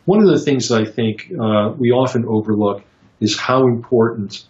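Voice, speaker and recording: A man answering interview questions about psychotherapy in a halting, reflective way, with many fillers and restarts as he tells stories. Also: mid-range voice, darkish tone. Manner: reflective storytelling. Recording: roomy, dull lo-fi sound.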